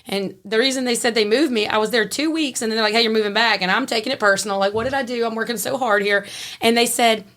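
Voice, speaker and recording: A woman's voice: fairly high pitch, fast talker, a bit bright. A woman, a podcast guest telling stories in casual chat, laughing often and acting out quoted voices.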